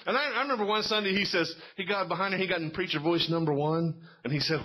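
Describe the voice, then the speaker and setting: A man's voice: fairly high pitch, expressive, a little fast, a bit bright. A middle-aged man telling folksy stand-up stories and quizzing a live audience in a small cafe. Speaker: comedian.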